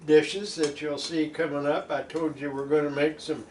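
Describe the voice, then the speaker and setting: A man's voice: on the high side, flat delivery, moderate pace, a little mellow, a little hiss or hum. A man hosting a home cooking show, talking in a folksy, chatty way while he tastes the food. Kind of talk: casual cooking demonstration.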